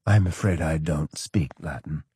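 A man's voice: a bass voice, measured pace, mellow, husky, dry recording, studio quality, exaggerated voice. A man reading a story aloud and voicing a cool, scheming foreign lord who speaks in clipped, polished tones.

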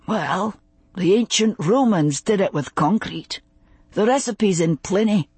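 A woman voicing a gruff, thoughtful adult man with a dry, understated manner. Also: mid-range voice, expressive, measured pace, a little mellow, dry recording. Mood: musing.

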